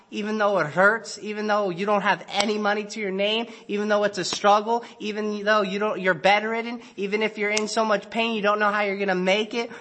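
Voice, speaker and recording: A man with a high voice preaches to his congregation in a loose, conversational way. He acts out exasperated little asides and sinks low and quiet when he stresses a point. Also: a little hiss or hum. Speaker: pastor. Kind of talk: sermon. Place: church sanctuary.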